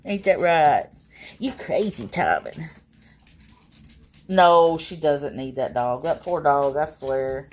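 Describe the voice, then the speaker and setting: A woman's voice: deep voice, lively intonation, takes it slowly, pauses often, a little mellow. Rambling, exasperated woman streamer. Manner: rambling and exasperated, heavy with fillers. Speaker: livestreamer. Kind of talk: casual livestream chat.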